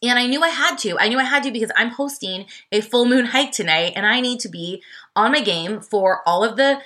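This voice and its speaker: A young woman talks through her own podcast in a bright, clear voice. She tells the story in a loose, chatty way, with lots of fillers and asides to her listeners, and her pitch jumps high when she gets animated. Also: a little fast. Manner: chatty and expressive, filler-heavy, addresses listeners as y'all. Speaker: podcast host. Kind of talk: casual solo podcast storytelling.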